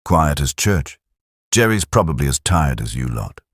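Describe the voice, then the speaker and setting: A man's voice: rumbling low, sing-song, moderate pace, husky, dry recording, exaggerated voice. A man voicing a teasing private. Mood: friendly. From Sheffield, England. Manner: dry teasing banter. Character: cheeky young British private, joking.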